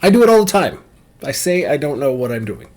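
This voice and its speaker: A man's voice: medium pitch, very animated, a little fast, a little mellow. A man ranting casually and bluntly to camera, opinionated and rambling, with frequent restarts. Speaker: vlogger.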